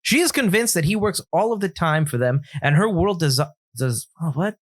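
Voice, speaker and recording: A man's voice: a little high, animated, normal speed. A man co-hosting a casual film podcast, bantering playfully and laughing a lot while summarizing a movie. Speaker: podcast co-host.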